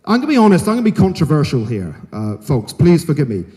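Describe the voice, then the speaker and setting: Middle-aged guy giving a blunt jokey keynote, lively up-and-down voice, big echoey hall. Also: on the high side, fast. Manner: frank, jokey and emphatic, talks straight to the audience. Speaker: keynote speaker. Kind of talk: conference keynote speech. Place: large conference hall. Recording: hall reverb.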